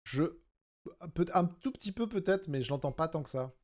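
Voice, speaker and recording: A man with a southern French accent, a native French speaker, chatting casually as a streamer in halting English and searching for words. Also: fairly high pitch, animated, a little mellow. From southern France. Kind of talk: casual chat.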